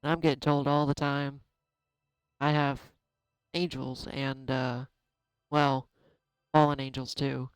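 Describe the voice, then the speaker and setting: A man giving a casual tarot card reading, chatty and self-deprecating, thinking out loud. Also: mid-range voice, little pitch movement, slow pace, pauses often, clean tone, no room sound, low-quality recording. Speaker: tarot reader.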